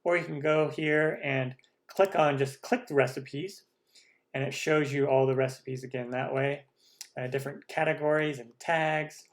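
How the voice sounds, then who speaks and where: A man's voice: on the high side, fairly even intonation, moderate pace. A man hosting a cooking channel live stream, chatting casually with viewers, rambling and humming while he scrolls.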